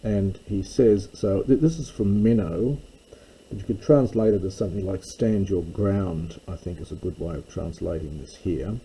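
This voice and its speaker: Male tutor, slow careful delivery, ums throughout, low voice, faint hiss. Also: warm tone, low-quality recording. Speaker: Greek tutor. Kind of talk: line-by-line lecture.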